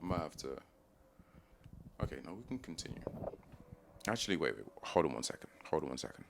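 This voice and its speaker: A young man with a London accent talks through his views in a loose, unscripted monologue. His voice sits very low, and he often stops, restarts and reworks a sentence as he goes. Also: big pitch swings, vocal fry, very noisy. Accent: London English. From London, England. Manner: thinking aloud, restarts and pauses mid-sentence. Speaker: video commentator. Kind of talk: casual opinion monologue.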